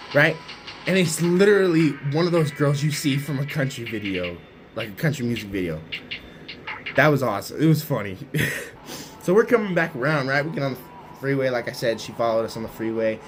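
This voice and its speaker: A man's voice: mid-range voice, lively intonation, fairly quick, soft background music. A young man telling a casual, rambling anecdote, keeps asking his listener "right?". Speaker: vlogger. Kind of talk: casual storytelling.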